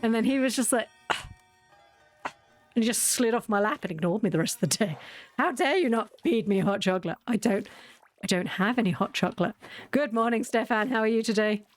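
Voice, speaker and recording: A woman's voice: fairly high pitch, lively intonation, quick pace, faint music behind. A woman streamer chatting casually during a livestream, rambling through anecdotes.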